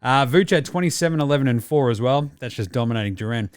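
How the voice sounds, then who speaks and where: A man runs through the day's basketball news in a loose, jokey solo podcast chat, sometimes answering his own questions. His voice sits at an everyday middle pitch. The recording is dry, with no room sound. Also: expressive, fast, clear, resonant tone, dry recording. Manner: casual, jokey, talks back to himself. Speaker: podcast host. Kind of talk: solo sports news commentary.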